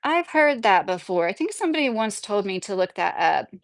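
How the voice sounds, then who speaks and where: A woman with a mid-range, sing-song voice talks a little fast on a dry recording. She's a livestream host reading chat, chatting casually with viewers and rambling along with frequent "like" fillers.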